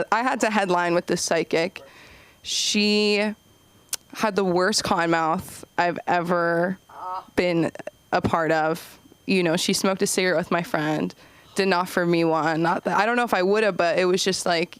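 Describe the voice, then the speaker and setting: A woman doing an open-mic stand-up set on a club stage, chatty and self-deprecating, her pitch jumping up when she gets excited. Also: clear, resonant tone, no echo. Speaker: stand-up comedian.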